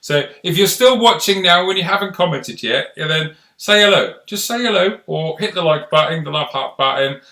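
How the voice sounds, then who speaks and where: A man's voice: fairly high pitch, animated, normal speed, hardly any pauses, sharp tone, reverberant. A man hosting a casual live-stream chat, chatty and rambling in an encouraging way. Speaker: host.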